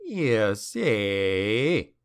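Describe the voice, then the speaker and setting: A mocking ancient demon, deep and unhurried, savoring every cruel word, as a man acts him out. He drawls with heavy menace in a smooth, resonant tone. The gloating never lets up. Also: very animated, heavily acted.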